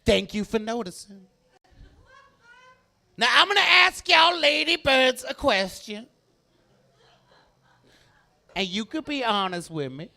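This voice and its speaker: A smooth-talking male bird courts the lady birds with slow, drawn-out come-on lines, as a comedian puts him on. The voice sits very high and bright, and it leans into every word. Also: heavily acted.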